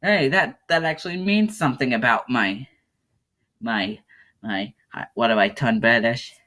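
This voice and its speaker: A man's voice: medium pitch, unhurried, pushed and bright. A man giving casual commentary on a web game, rambling and mocking himself, often breaking into laughter. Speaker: YouTuber playing a web game.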